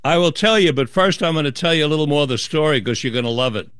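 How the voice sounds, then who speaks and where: A man's voice: on the high side, fast, smooth, dry recording, clean studio sound. A man telling a story as a guest in an interview, acting out the voices of others in his tale. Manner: animated storyteller acting out dialogue. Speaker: author and guest.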